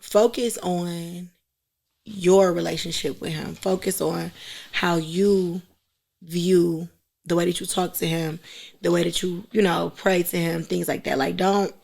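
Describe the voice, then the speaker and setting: A woman's voice: fairly low pitch, fairly even intonation, unhurried, creaky, a little mellow, slightly rough. A woman in her thirties, a podcast guest, giving earnest, encouraging advice in casual chat.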